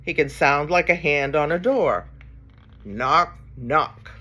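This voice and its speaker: During story time, a woman reads a picture book aloud, playfully acting out animal and other sound noises and coaxing the children to join in. Her deep voice has a fairly bright tone, a moderate pace, and audio with the highs cut off.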